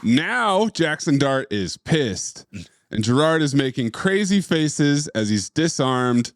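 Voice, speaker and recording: A man co-hosting a movie podcast, tossing out crude, mocking jokes as he describes scenes. His voice is animated, with a fairly high pitch. It sounds dry and close to the mic. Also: slow pace, dry recording. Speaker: podcast co-host. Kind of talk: casual movie recap chat.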